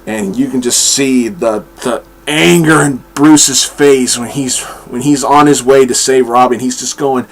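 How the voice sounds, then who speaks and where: A man's voice: mid-range voice, measured pace, few pauses. A man giving a casual comic book review, enthusiastic and swearing freely, acting out the dialogue he quotes.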